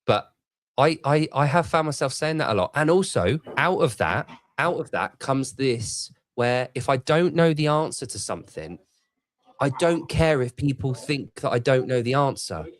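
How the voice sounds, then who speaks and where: A man's voice: mid-range voice, animated, normal speed, slight background noise. A man talks in a loose, conversational way, often laughing and circling back. He sounds like a show host chatting with a friend. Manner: rambling, laughs often, many restarts. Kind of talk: casual chat.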